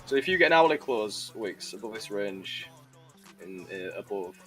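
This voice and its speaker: A man's voice: lowish voice, lively intonation, moderate pace, fairly bright tone, faint music behind. A man guest on a trading stream, bantering casually, teasing and swearing, saying bro and mate.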